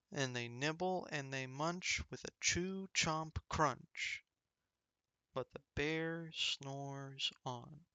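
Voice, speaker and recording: A man reads a rhyming children's picture book aloud, slowly and rhythmically, savoring each sound. His voice is bright and clear, a touch higher than most men's. The recording is close and dry. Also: no echo. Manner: rhythmic, expressive, savoring the rhymes. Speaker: storybook reader.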